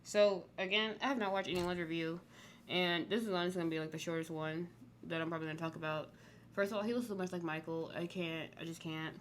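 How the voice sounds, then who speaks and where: A woman's voice: fairly low pitch, steady tone, quick pace, slight background noise. A woman casually recapping a reality TV show, rambling and blunt, with lots of "like" in her speech. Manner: candid, blunt.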